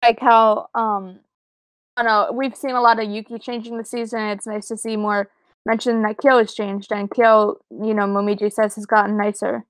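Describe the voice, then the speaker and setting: A woman's voice: medium pitch, flat delivery, normal speed, smooth, no echo. A woman co-hosting a podcast, chatting casually and gushing about the characters. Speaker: podcast co-host. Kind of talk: casual chat.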